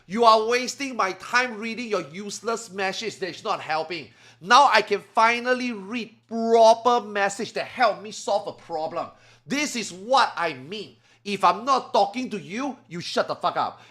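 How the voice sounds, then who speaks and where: A man streaming a game, muttering to himself and then breaking into loud, sweary rants, switching between English and Chinese. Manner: swings from low muttering to loud angry outbursts, swearing. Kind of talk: casual live-stream talk.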